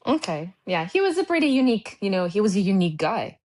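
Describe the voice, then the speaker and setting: A woman's voice: medium pitch, sing-song, fast, a little mellow. Enthusiastic woman hosting an interview. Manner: enthusiastic, reads audience questions. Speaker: interview host. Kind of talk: casual interview.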